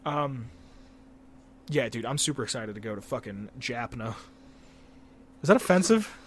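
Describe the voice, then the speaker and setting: A young man from Pennsylvania co-hosting a casual podcast, rambling and excitable and swearing a lot. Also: mid-range voice, normal speed, husky. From Pennsylvania, USA. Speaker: podcast co-host.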